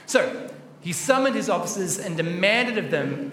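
A man giving a lively children's Bible talk, chatty and playful as he acts out the story. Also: high-pitched, measured pace, distant mic, a crowd in the background. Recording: roomy hall with faint background noise.

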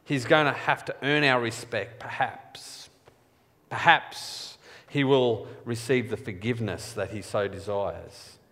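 A man's voice: mid-range voice, steady tone, moderate pace, few pauses, a bit bright. A man preaching a sermon in a conversational, wry storytelling manner, in a church. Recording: church hall with long reverb.

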